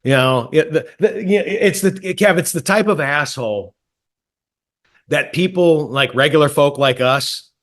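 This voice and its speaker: Profane stammering Texan podcast host. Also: male voice, a little high, lively intonation, a little slow, a bit bright. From Texas. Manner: profane, rambling, stammering restarts. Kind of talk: casual storytelling chat.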